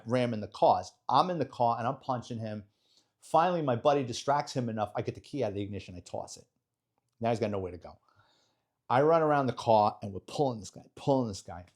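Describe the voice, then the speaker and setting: Blunt New man telling a story. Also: medium pitch. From New York. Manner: animated, blunt, profane storyteller who acts out dialogue. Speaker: retired police detective, guest. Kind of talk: storytelling in a podcast interview.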